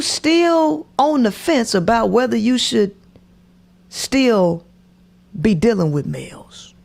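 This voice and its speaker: A woman's voice: fairly high pitch, animated, slow, gravelly, a little mellow. A woman commentating on a podcast clip in a preachy way, repeating her points and often dropping to a whisper. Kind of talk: reaction commentary.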